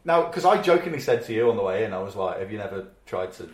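A man hosting a casual podcast interview, asking relaxed, chatty questions. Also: fairly low pitch, quick pace. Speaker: podcast host. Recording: roomy echo.

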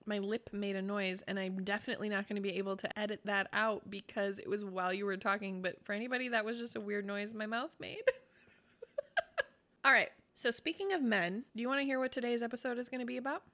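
A woman co-hosting a chatty podcast, her voice bright and ringing. She talks in an effusive, giggly way and swears freely. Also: medium pitch, a little fast. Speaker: podcast co-host. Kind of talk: casual podcast chat.

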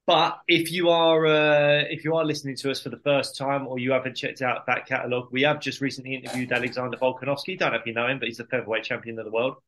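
Jokey podcast co-host. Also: male voice, medium pitch, level tone, a bit bright, a little hiss or hum, poor audio. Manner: jokey, teasing, quick to laugh. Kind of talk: casual podcast chat.

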